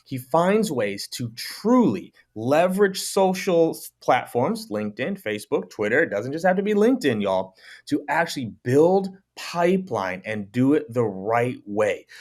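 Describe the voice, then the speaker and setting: A man hosting a sales podcast interview, talking with an energetic, emphatic delivery. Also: mid-range voice. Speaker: podcast host.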